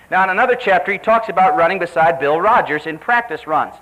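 A middle-aged man preaching, telling a story with lively quoted dialogue and direct questions to the congregation. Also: high-pitched, fast talker, few pauses, poor audio. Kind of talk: sermon.

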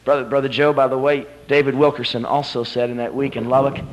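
A male preacher giving a sermon at a convention, retelling a story dramatically and swinging from hushed to climactic. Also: medium pitch, level tone, fast, highs cut off.

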